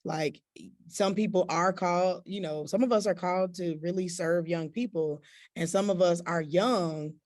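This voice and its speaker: A woman's voice: lowish voice, fairly even intonation, moderate pace, a little mellow, no room sound. Exasperated woman, dry sound. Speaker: youth ministry panelist. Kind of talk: casual podcast chat.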